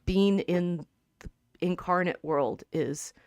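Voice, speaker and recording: Middle-aged woman, lowish voice, grieving, keeps stopping and restarting, dry sound. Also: a little mellow, smooth, no echo. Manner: halting, many restarts, tearful. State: grieving, near tears. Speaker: co-host. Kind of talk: casual livestream chat.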